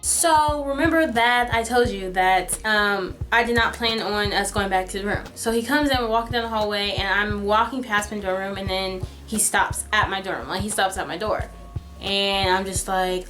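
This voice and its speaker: A young adult woman tells a story in a chatty, dramatic way and fills her talk with "like". Her voice sits at a middle pitch. Soft music plays faintly behind her. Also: normal speed. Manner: chatty, dramatic, heavy use of "like". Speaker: vlogger telling a story. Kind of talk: casual storytime.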